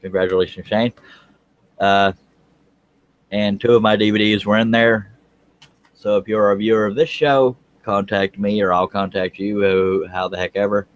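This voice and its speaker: A man hosts a woodworking panel show over a video call, chatting casually and joking with and teasing his guests. His voice is fairly low with a level tone, and he speaks at a moderate pace.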